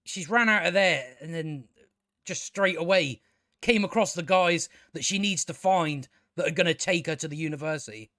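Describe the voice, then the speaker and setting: A man rambles through a TV review in a slightly higher than usual voice, recorded dry and close. He trips over his words and restarts often, and he swears freely as his exasperation spills into a rant. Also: normal speed, sharp tone, no room sound. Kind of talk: casual spoken review.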